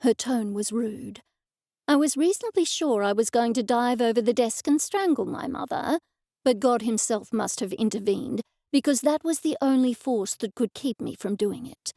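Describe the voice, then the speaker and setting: Bright-voiced female audiobook narrator. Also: on the high side, expressive, moderate pace, no echo, clean studio sound. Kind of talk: first-person scripted narration.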